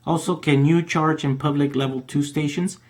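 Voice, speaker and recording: A man's voice: a little high, steady tone, normal speed, darkish tone. A man hosting a casual live Q&A stream, chatting loosely with plenty of fillers and restarts as he reads out viewer questions.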